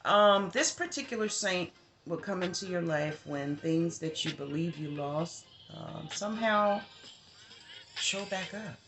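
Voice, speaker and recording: Deep-voiced woman rambling thru a spiritual message, guitar playing loud in the back. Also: measured pace. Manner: chatty and meandering, full of asides. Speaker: spiritual healer and advisor. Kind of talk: casual spiritual message vlog. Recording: guitar music playing clearly behind. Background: guitar music.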